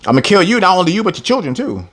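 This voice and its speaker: A man's voice: high-pitched, big pitch swings, rapid-fire, fairly bright tone, exaggerated voice. A man voicing an angry, vengeful God who talks in blunt, cursing slang. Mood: threatening.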